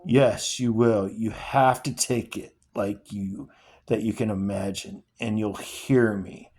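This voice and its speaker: A man reading aloud and voicing a dying father who gently urges his son on. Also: fairly low pitch, steady tone, slow pace, slightly rough. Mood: tender. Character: dying father, weary, tender and steadfast.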